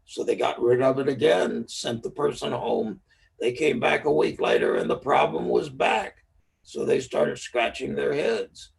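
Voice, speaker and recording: A man's voice: mid-range voice, measured pace, far from the mic, low-quality recording. A man teaching neurolinguistic programming in a live-streamed lecture, explaining his points with stories and repeating the key ideas. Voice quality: gravelly and husky. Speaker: NLP teacher.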